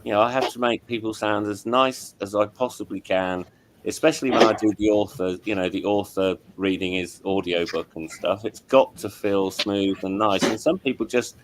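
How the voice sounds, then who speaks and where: A man's voice: fairly low pitch, moderate pace, a little hiss or hum. Rambling middle-aged man, apologetic. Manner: rambling, apologetic, many restarts. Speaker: show host and audio engineer. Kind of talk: casual livestream chat.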